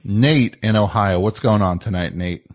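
A man's voice: on the low side, normal speed. A man hosting a call-in show, joking and bantering with callers in a wry way. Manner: joking, wry, lively delivery. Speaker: radio call-in show host.

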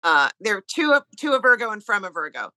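A woman guest on a podcast, joking and telling quick-witted stories in casual chat. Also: medium pitch, big pitch swings, sharp tone, rough recording.

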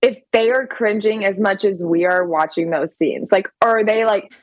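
A woman's voice: medium pitch, normal speed, dry recording. A young woman, a guest in a casual podcast chat. She is blunt and outspoken and swears freely.

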